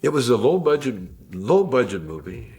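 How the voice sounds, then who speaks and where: A comedian telling rambling stories in an interview, often laughing. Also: male voice, medium pitch, sing-song, moderate pace, a little mellow. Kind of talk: anecdotal interview storytelling.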